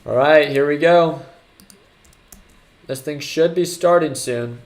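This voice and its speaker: Excitable man hosting a trading livestream. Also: fairly high pitch, takes it slowly. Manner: excitable, hyping up viewers. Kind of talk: casual livestream commentary.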